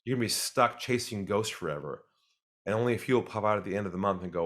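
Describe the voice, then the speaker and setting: A man being interviewed as a sales expert, speaking calmly and deliberately and acting out the people he quotes. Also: on the low side.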